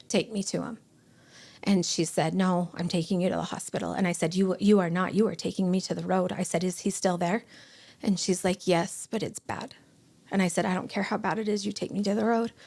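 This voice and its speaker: Woman telling a painful story. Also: medium pitch. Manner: emotional, acts out quoted dialogue; short, fragmented sentences. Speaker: guest, bereaved mother. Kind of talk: personal storytelling in a podcast interview.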